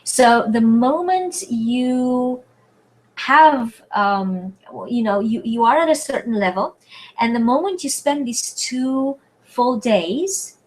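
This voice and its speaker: A woman's voice: on the high side, animated, slow, low-quality recording. A woman with a French accent teaching pronunciation on a live video-call webinar, hesitant and searching for words with many fillers. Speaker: French tutor hosting a webinar. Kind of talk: live online Q&A lesson. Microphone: computer mic on a video call.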